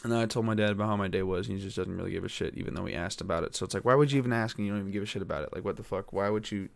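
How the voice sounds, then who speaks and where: A man's voice: on the low side, very fast, creaky, slight background noise. A teenage boy hosting a podcast, venting in a frustrated, rambling way with lots of swearing. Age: teens. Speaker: podcast host. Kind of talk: casual venting monologue.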